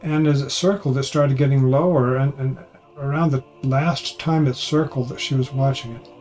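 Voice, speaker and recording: A man's voice: mid-range voice, steady tone, normal speed, a little mellow, soft background music. A man narrating as a channel host in an informal, conversational way, sometimes hesitating and correcting himself.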